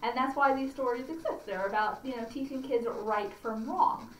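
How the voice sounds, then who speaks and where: A woman at a library reading a fairy tale aloud to children, pausing to comment and ask them questions. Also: a little high, a little hiss or hum. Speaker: library storyteller. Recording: roomy, distant mic, faint ambience.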